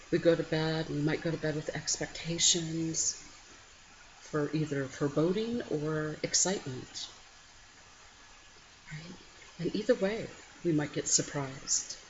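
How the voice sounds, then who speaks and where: A deep-voiced woman hosts a spiritual morning talk, leading listeners gently through breath and reflection with long pauses. Now and then her voice lifts in sudden energy. The recording is a little muffled, with a faint hiss behind her. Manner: slow, gentle, pausing, with sudden lively rises. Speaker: host of a spiritual morning program. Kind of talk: reflective guided meditation talk. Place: home at night. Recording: slightly muffled home recording with faint background noise.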